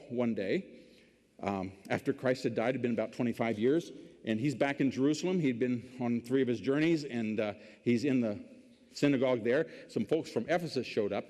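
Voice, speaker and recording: A man's voice: medium pitch, mellow, in a large hall. A man preaching a sermon, retelling Bible stories in a folksy, joking way with everyday slang. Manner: folksy and humorous, retells scripture in modern slang. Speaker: preacher, former congressman.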